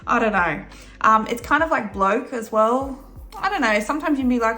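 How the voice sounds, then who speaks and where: Australian woman, young adult, Australian accent; crisp bright delivery, chatty and upbeat vlog host. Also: a little high, very animated, fairly quick. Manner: chatty and upbeat, counting cash aloud. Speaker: budgeting vlogger. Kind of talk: casual vlog narration.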